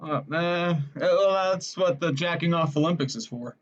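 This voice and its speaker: A man's voice: a little high, moderate pace. A man co-hosting a podcast in casual chat, laid-back and swearing freely as he jokes. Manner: laid-back, profane joking. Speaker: podcast co-host. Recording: dull lo-fi sound.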